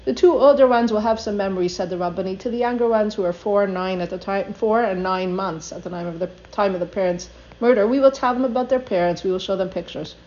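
A woman's voice: medium pitch, fast, a little mellow. Earnest older woman, dull lo-fi recording. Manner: earnest, reads passages aloud then translates them. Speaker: Torah teacher. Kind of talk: religious talk with translation.

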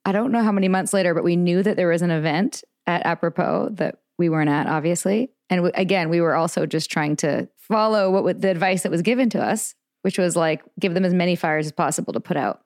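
A woman co-hosting a podcast, talking quickly and emphatically in casual chat and slowing down for the lines she quotes. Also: fairly low pitch, darkish tone, no room sound, studio quality. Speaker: podcast co-host.

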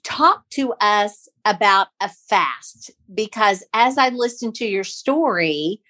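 Woman, slow pace, gentle, measured, podcast interviewer. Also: mid-range voice, expressive. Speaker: podcast co-host. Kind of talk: interview questions.

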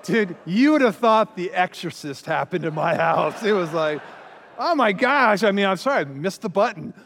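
A man's voice: sits high, lively intonation, moderate pace, fairly bright tone, long reverb tail, a little hiss or hum. A man speaking as a pastor, telling a story with self-deprecating humor and many fillers. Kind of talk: humorous teaching talk.

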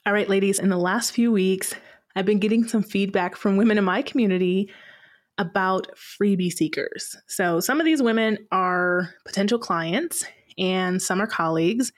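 A woman's voice: medium pitch, normal speed. A woman hosting her own podcast, talking solo to her listeners in a chatty, playfully sarcastic way. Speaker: podcast host.

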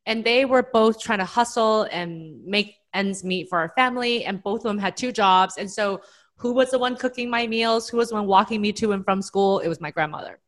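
A woman from Taiwan, a psychologist guest answering interview questions in a calm, explanatory and reflective way. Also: medium pitch, fairly quick.

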